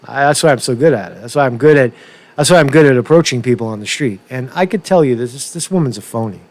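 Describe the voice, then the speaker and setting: A man's voice: medium pitch, animated, quick pace, a little mellow. A man with a New York accent giving a profane, rambling rant as he reacts to political clips, mocking and repeating himself as he goes. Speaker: commentary streamer.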